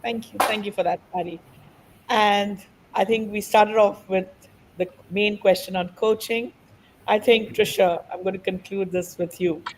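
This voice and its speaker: A woman's voice: mid-range voice, steady tone, a little slow, a little mellow, slight background noise, rough recording. A woman moderating a webinar panel, politely reading out audience questions.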